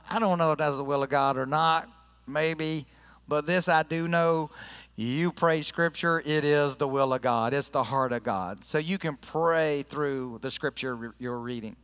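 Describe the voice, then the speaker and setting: Earnest man preaching, smooth clear voice. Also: fairly high pitch, a bit bright, big-room sound. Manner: conversational, earnest, leads prayer and scripture reading. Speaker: pastor. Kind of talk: sermon. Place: church sanctuary.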